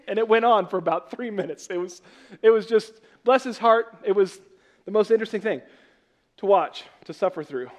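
A man. He explains scripture in a conversational way and breaks off for joking asides. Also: high voice. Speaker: pastor. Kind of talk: sermon.

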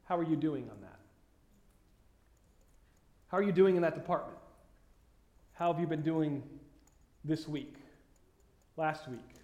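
A man preaching a sermon in a conversational way, with many fillers and pauses, building to emphatic questions. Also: a little high, darkish tone. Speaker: pastor. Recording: echoey room.

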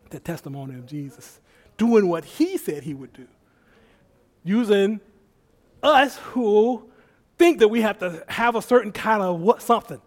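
A man preaching, telling a story in an animated way, acting out the people he quotes and laughing often. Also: high voice, unhurried, long pauses. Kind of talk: sermon storytelling.

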